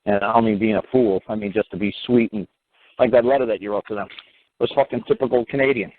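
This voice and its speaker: A man with a New York accent rants and advises in a blunt, profane way, acting out both sides of past conversations. His voice sits fairly low and comes through a thin, tinny phone line. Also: quick pace. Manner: blunt, profane, animated storytelling with mocking quotes. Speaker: talk show guest giving advice. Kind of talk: casual phone-in talk.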